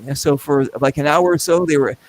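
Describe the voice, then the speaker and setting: A middle-aged man with a slightly high voice hosts a casual show. He tells anecdotes in an animated way, acting out other people's lines as he goes. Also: a little fast, a little hiss or hum, low-quality recording. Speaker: podcast host. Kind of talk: casual storytelling.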